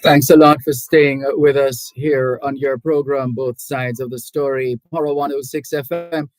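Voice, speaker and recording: A middle-aged Jamaican man hosting a call-in radio talk show. He reads listener messages aloud and talks in a measured, deliberate way, often restarting his sentences. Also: mid-range voice, fairly even intonation, low-quality recording. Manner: deliberate, measured, with frequent restarts and hedging asides. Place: radio studio. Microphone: studio microphone.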